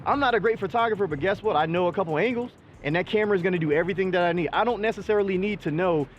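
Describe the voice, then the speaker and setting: A man's voice: high voice, very fast, few pauses, lo-fi sound, slight background noise. Blunt, profane man ranting outdoors. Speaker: vlog host. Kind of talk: casual chat.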